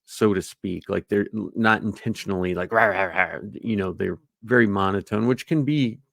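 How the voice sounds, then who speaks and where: A man co-hosting a podcast in relaxed, casual chat, now and then acting out quoted lines. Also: on the low side, normal speed, creaky, dry recording, clean studio sound. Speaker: podcast co-host.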